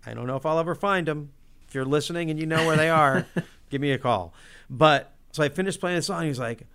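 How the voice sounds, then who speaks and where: A man casually telling a personal story about being a musician, in an excitable, self-deprecating way with lots of "like". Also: on the high side, brisk, clean tone.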